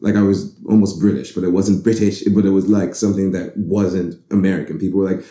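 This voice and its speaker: In a roomy, echoing space, a young man from the Bahamas talks in a casual conversation, his low-pitched voice warm in tone and fairly even in intonation. He speaks fairly quickly, reflecting aloud and rambling with lots of restarts.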